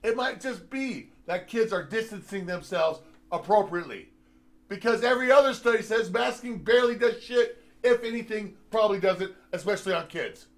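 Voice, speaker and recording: A man's voice: high voice, normal speed. A man on a heated, profane political rant, sarcastic and rambling, with many filler sounds as he talks. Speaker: host.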